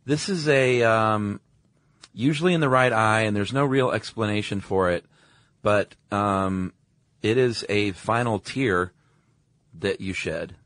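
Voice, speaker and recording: A man's voice: on the low side, measured pace, a bit bright, dry recording. A man co-hosting a podcast, casually explaining facts with lots of filler words and easy laughs. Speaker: podcast co-host. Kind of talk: casual chat.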